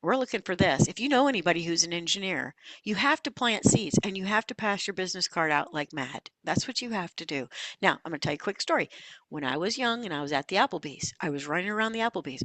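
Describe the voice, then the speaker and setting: A woman leadership coach giving a webinar lesson, talking in a folksy, animated way full of stories and asides. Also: medium pitch, fast, no echo. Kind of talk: lively webinar teaching.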